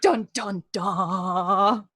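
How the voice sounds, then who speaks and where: Podcast co-host, young woman, chatty recapper who acts out lines; bright tone. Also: medium pitch, extremely slow, slightly rough, dry recording. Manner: chatty retelling, acting out characters' lines. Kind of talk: casual podcast chat.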